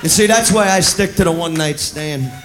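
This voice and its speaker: A man doing crude stand-up comedy, brash and loud, shouting his punchlines. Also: a little high, a little fast. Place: live comedy club. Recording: echoey club with loud crowd. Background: audience laughter and noise.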